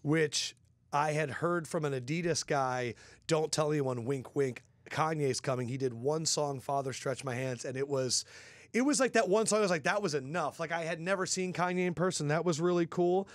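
A young man co-hosting a podcast, telling stories in a lively, animated way and acting out the people he quotes. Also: on the high side, normal speed, no echo. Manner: animated storyteller, quotes people in bursts, curses. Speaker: podcast co-host. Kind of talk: casual chat.

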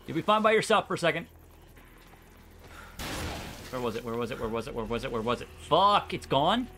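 A man's voice: medium pitch, very animated, fairly quick, bright, forceful tone, a little hiss or hum. A man casually commenting on his gameplay, often frustrated and swearing at the game and its characters. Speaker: gameplay streamer.

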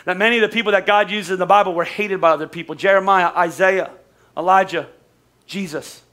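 A man's voice: high-pitched, steady tone, brisk, pushed and bright. A man preaching a sermon as pastor, casual and conversational, with humor and acted-out quotes.

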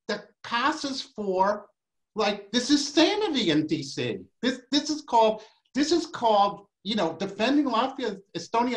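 A man's voice: high-pitched, rough recording. A man with a New York accent, debating on an academic panel, combative and emphatic, firing off rhetorical questions.

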